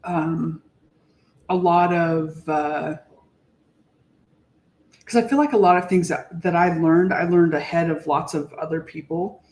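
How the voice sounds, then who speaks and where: A woman co-hosting a podcast, talking in a casual, heartfelt way, reflective and halting as she searches for words. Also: lowish voice, darkish tone. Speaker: podcast co-host. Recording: echoey room.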